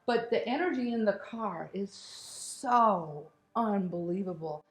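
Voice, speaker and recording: Speaking slowly in a mid-range voice, a woman recounts a personal spiritual experience, candid and animated, with casual swearing and laughter. The recording carries a roomy echo.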